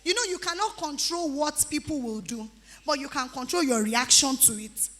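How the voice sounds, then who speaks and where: A woman in her thirties with a Nigerian accent, speaking to teenagers at a youth retreat in a lively, teasing way. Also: sits high, moderate pace. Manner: animated, teasing, breaks into pidgin-flavored asides.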